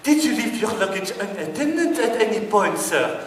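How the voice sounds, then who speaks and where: A man's voice: high voice, very animated, normal speed, a little hiss or hum, pitched above the performer's own voice. Man putting on a prim airport clerk lady. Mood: officious. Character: prim female airport desk clerk, politely officious. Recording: distant, echoey hall with long reverb.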